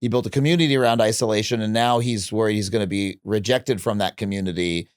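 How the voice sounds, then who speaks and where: A man's voice: on the low side, fairly even intonation, quick pace, clear, resonant tone, no room sound, studio quality. A man hosting a podcast interview, talking reflectively with frequent restarts and fillers. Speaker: podcast host. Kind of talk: casual interview conversation.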